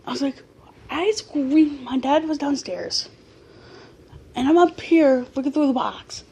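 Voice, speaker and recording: A woman in her early twenties telling a personal story to her camera late at night at home, excitable and animated, often restarting her sentences. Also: sits high, a little slow. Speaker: vlogger. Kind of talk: casual storytelling vlog.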